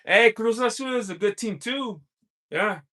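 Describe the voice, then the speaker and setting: A man's voice: high voice, a little slow, bright, forceful tone. A man hosting a casual livestream, reading viewers' chat messages aloud and answering them in a rambling, chatty way, laughing often and drifting into long stories.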